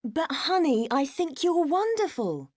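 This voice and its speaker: A woman's voice: sits high, big pitch swings, a little slow, no echo, clean studio sound. A woman acting an affectionate young woman soothing her boyfriend in a textbook dialogue, coaxing and insistent.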